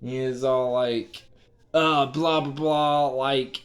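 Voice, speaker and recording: A man's voice: medium pitch, steady tone, slow pace. A young man casually retelling a strange dream, rambling with constant fillers and the odd swear word. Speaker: vlogger.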